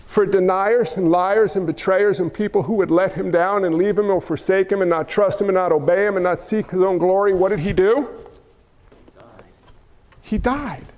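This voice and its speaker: A pastor and adult father of young children preaches an impassioned sermon, building to emphatic outbursts. His voice is very high with a darkish tone, and the long reverb of a large hall rings on every line.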